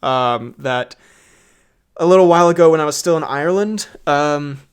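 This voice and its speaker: Giggly, high-voiced young podcast host. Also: male voice, moderate pace, clear, resonant tone. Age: young adult. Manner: rambling, giggly, lots of "like". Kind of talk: casual chat. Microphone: makeshift mic setup that sounds a bit off.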